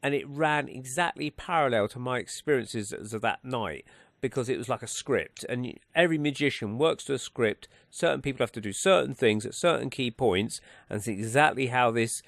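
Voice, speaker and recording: A man's voice: medium pitch, fairly quick, vocal fry, dry recording. A man hosting a radio talk show, rambling and hesitant with many restarts. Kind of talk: casual radio chat. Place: radio studio.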